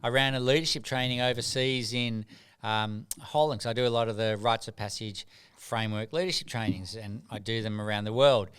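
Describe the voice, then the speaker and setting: A man's voice: lowish voice, fairly quick, clean tone. A middle-aged man, a doctor telling earnest stories as a podcast guest. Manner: earnest, animated anecdotes with frequent restarts. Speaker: guest, doctor and rites of passage mentor. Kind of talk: reflective storytelling in podcast conversation.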